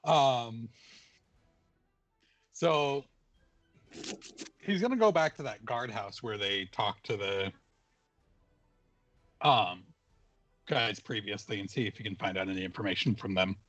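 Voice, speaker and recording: A man playing a tabletop game, speaking slowly and hesitantly with a husky voice. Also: fairly low pitch, lively intonation, fairly bright tone, highs cut off, soft background music. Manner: slow, hesitant, chuckling. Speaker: player.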